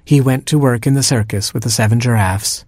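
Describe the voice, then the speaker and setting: A man narrating a children's storybook in a measured, gently humorous way. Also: mid-range voice, no echo, clean studio sound. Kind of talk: storybook reading.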